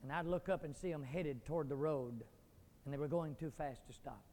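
A man's voice: fairly high pitch, a little fast. Older man preaching a fiery revival sermon. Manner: swings from quiet reading to loud shouting. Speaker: pastor. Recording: echoey hall.

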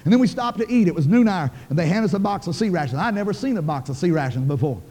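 A man's voice: high-pitched, lively intonation, fast, warm tone, slightly rough, long reverb tail. An older man preaching a sermon, telling a story in a folksy, emphatic, colloquial way.

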